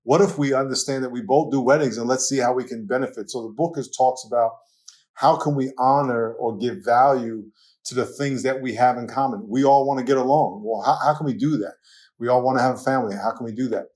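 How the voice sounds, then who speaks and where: Guest pastor, New York accent, man, animated storyteller with ready laughter. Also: mid-range voice, brisk. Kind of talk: casual conversational interview.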